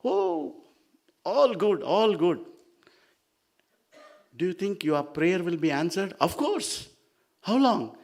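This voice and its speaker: A man's voice: a little high, normal speed, hardly any pauses, darkish tone, voice pushed up, lightly acted. A man doing a boastful old hermit sage. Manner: eager, boastful. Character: proud old male hermit sage, overconfident devotee.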